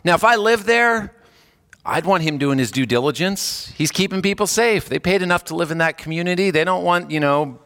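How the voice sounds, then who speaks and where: Man, chaplain, conversational sermon, slightly high pitch, reverberant hall. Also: lively intonation, a little fast, a bit bright. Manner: conversational, acts out quoted voices with jumps in pitch. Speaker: hospice chaplain and preacher. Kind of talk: casual sermon.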